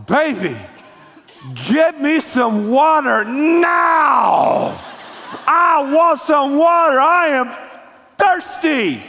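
A man voicing a desperate wife who shouts and pleads for a drink of water. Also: expressive, drawn-out words, vocal fry, long reverb tail, exaggerated voice. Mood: pleading. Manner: pleading, shouting, high-pitched. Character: desperate thirsty wife begging her husband.

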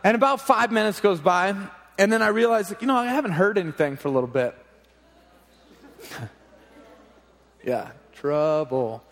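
A man in his thirties, a junior high pastor, telling a funny family story in an animated, laughing way. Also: fast talker. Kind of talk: storytelling sermon. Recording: long hall reverb.

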